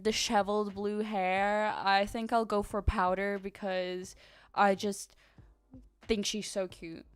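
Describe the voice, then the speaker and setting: A woman's voice: mid-range voice, smooth, no echo, clean studio sound. A woman streamer chatting casually and reading chat aloud, giggling often and using lots of fillers. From Ukraine.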